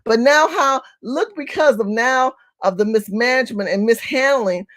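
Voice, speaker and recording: A woman with a fairly high voice hosts a live stream. She talks straight to her viewers as "family", hammering points home by repeating them. Rhetorical questions come one after another. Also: normal speed, a bit bright. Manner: emphatic and repetitive, firing rhetorical questions at viewers. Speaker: livestream host.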